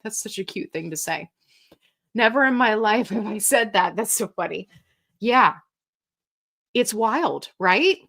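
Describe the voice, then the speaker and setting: A woman's voice: medium pitch, expressive, unhurried, gravelly, long pauses, a bit bright. A woman hosting a casual live Q&A stream. She chats candidly, reads viewer comments aloud and reacts to them. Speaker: livestream host answering viewer questions.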